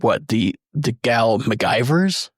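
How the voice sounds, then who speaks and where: A man co-hosting a movie podcast, enthusiastic and profane, talking in quick asides. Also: medium pitch, lively intonation, slightly rough, dry recording, clean studio sound. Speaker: podcast co-host. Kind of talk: casual movie review chat.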